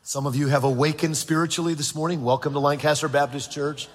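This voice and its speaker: A man preaches from the pulpit of a large church, his voice a little higher than most and noticeably husky. He talks earnestly, stumbling over repeated words and acting out the voices in his stories, while the long reverb of the sanctuary rings behind him. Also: fairly even intonation, quick pace. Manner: acts out quoted voices in storytelling. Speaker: pastor. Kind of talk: sermon.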